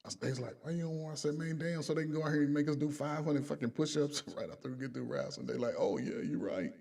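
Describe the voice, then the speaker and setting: A man's voice: on the high side, fairly even intonation, quick pace, vocal fry, darkish tone, far from the mic. A man, a coach, casually telling profane stories, laughing along and quoting other people in his own voice. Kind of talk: casual storytelling.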